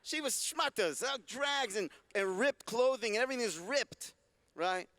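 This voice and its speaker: A rabbi speaks from a convention hall stage in a very high, lively voice at a moderate pace, captured as a dry recording. He lectures and answers questions from the audience, warm and joking, teaching in a conversational way.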